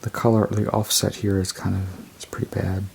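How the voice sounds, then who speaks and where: A man casually reviewing a tarot deck, rambling and unhurried as he describes each card. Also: sits low, flat delivery, creaky, over music. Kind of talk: casual show-and-tell review.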